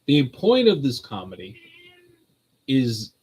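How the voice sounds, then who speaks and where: A man's voice: mid-range voice, huge pitch swings, slow, a little mellow, husky, low-quality recording. Chatty guy hosting a stream, rambles a lot, laughs a bunch, normal mid voice. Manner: rambling and conversational, laughs often. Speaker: host of a streamed religious talk. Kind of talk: casual chat.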